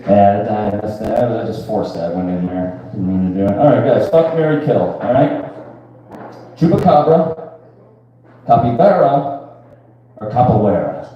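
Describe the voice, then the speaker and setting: A man's voice: lowish voice, animated, a little slow, pauses often, dull audio, a little hiss or hum. A man in his thirties doing a live stand-up set, crude and rambling, often asking the crowd "right?". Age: 30s. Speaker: stand-up comedian. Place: live comedy venue with a crowd. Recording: echoey room picked up from far off.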